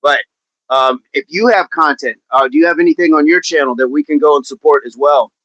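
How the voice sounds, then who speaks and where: A man talks with viewers as a fitness coach on a livestream, keeping an upbeat, encouraging tone and repeating his phrases. His voice sits a little high for a man. The sound is dull and dry, with no room echo. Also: brisk, a bit bright.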